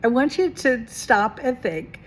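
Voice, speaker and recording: A woman's voice: fairly high pitch, animated, a little slow. A woman talking straight to her viewers in a casual self-help vlog as a mentor, chatty, asking rhetorical questions and repeating phrases for emphasis. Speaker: mentor and coach.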